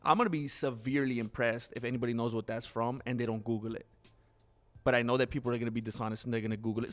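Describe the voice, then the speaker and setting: A man's voice: mid-range voice, steady tone, rapid-fire. A man hosting a casual live stream, chatting loosely to his viewers, calling them "bro" and laughing often. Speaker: livestream host.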